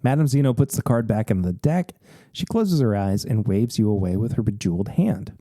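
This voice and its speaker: A man hosting a podcast, reading a gamebook aloud in a lively, expressive way. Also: fairly low pitch, fairly quick, dry recording. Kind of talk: animated story reading.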